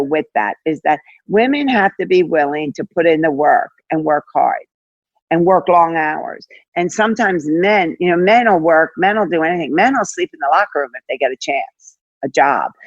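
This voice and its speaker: An older woman, a head basketball coach, chatting as an interview guest, telling stories in an animated way with lots of fillers and acted-out quotes. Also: on the low side, dry recording, highs cut off. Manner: animated, acts out quoted dialogue, many fillers. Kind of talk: casual interview storytelling.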